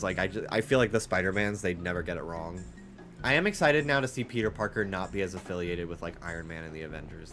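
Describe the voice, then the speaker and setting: A young man with a faint New York accent, a streamer chatting casually and rambling with his live chat, full of fillers. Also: lowish voice. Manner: rambling, animated, frequent fillers.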